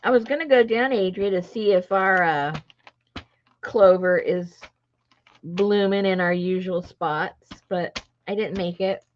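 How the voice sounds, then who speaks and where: A woman's voice: on the low side, unhurried, muffled recording, a little hiss or hum. A woman with a stuffed-up nose, chatting casually and laughing often as she greets viewers on her craft live stream.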